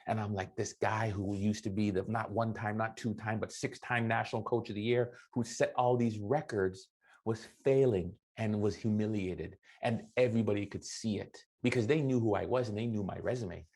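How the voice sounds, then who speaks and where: A middle-aged man giving an animated motivational keynote, telling stories and acting out the dialogue. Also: fairly low pitch, normal speed. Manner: animated, acts out dialogue with voices. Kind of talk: motivational storytelling speech.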